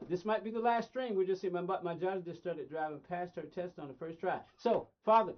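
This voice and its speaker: Middle-aged guy rambling to his stream chat, kinda high voice, muffled lo-fi audio. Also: fairly quick, hardly any pauses. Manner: rambling, chatty, talks straight to chat. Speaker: racing game streamer. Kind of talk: casual live-stream chat.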